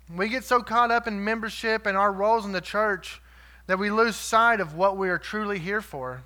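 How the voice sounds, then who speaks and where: Bright, high-voiced earnest male preacher. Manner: earnest and conversational, with rhetorical asides. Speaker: lay preacher. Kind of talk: sermon.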